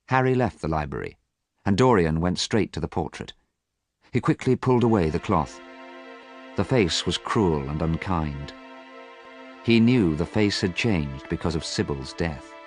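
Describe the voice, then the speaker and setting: A man reading a story aloud for English learners in a clear, measured, expressive way, recorded close and dry. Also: deep voice, no room sound, faint music behind. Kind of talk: scripted narration.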